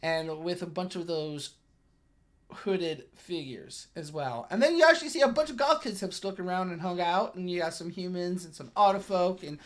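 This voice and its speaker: A man's voice: sits high, normal speed, a bit bright. A man narrating a tabletop game as game master, rambling with many fillers.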